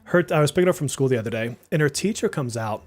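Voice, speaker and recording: A man with a faint Boston accent, co-hosting a casual podcast, relaxed and chatty with lots of fillers. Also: medium pitch, quick pace. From New Jersey and Massachusetts, US. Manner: relaxed, chatty, laughs often, many likes. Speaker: podcast co-host.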